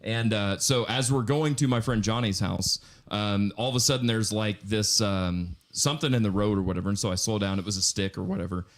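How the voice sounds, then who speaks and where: A man with a fairly low voice tells a story on a podcast. He talks loosely, with lots of ums, swearing and laughter. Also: fairly quick, hardly any pauses. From Missouri, USA. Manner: relaxed, swears freely, full of ums and laughs. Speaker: podcast co-host. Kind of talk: casual storytelling.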